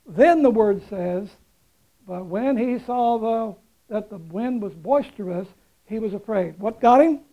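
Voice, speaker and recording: A man's voice: sits high, animated, a little slow, muffled recording. A man preaching a sermon, retelling a story in a folksy, conversational way with chuckles and emphatic repetition.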